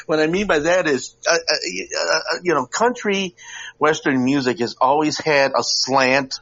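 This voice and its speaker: A podcast co-host chats casually in a man's fairly high, slightly bright voice at a moderate pace. He rambles, restarting sentences often and leaning on fillers. The audio is a lo-fi stream from a live audio app.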